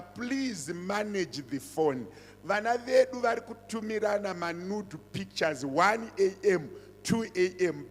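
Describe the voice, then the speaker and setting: Emphatic pastor. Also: male voice, high voice, lively intonation, measured pace. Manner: emphatic, repeats phrases, switches between languages. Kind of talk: sermon and church announcements. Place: church hall. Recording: reverberant church hall.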